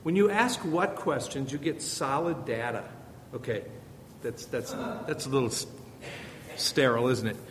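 A middle-aged man giving an informal Bible-based parenting lesson, talking conversationally and repeating rhetorical questions. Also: measured pace. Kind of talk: informal teaching talk. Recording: reverberant hall with faint rumble.

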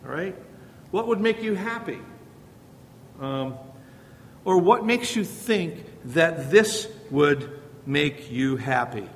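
A man's voice: animated, takes it slowly, long pauses. A middle-aged man giving an informal Bible-based parenting lesson, talking conversationally and repeating rhetorical questions. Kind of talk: informal teaching talk. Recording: reverberant hall with faint rumble.

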